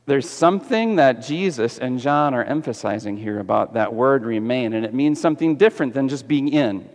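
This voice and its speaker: A man preaching a sermon as pastor, animated and putting questions to the congregation, kids included. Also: medium pitch, moderate pace. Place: church sanctuary. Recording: echoey church hall.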